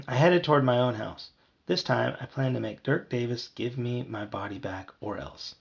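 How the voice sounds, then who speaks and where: A man reading a children's book aloud in a lively storytelling manner. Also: moderate pace, gravelly, muffled recording. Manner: lively, voices characters with higher shouts. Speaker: audiobook reader.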